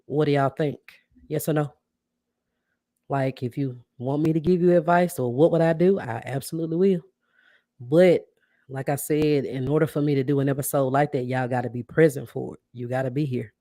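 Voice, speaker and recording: A woman podcast host chatting casually with livestream viewers, warmly thanking them and reacting to their comments. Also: extremely low pitch, normal speed, no echo, clean studio sound. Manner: chatty, keeps addressing viewers as y'all; warm and grateful, reacts to comments.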